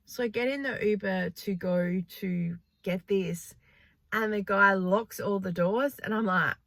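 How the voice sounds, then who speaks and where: A woman, chatting casually in a vlog and telling stories in an animated way with frequent laughs. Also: mid-range voice, a little slow, no room sound. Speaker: vlogger. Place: in a car.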